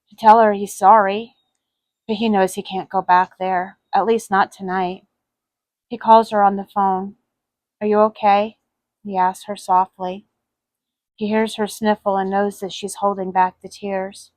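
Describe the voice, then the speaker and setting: A woman author reads her own sad story in a soft, earnest voice of ordinary pitch. The recording is dry and close, with no room around it. Her delivery stays gentle and sincere throughout. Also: fairly even intonation, measured pace, no echo, poor audio. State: voice cracking with emotion. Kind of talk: emotional story reading.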